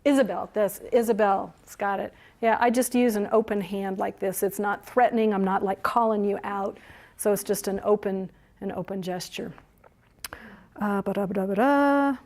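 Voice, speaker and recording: A woman leading a training workshop for museum guides, lively and encouraging, who laughs often as she teaches. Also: mid-range voice, moderate pace.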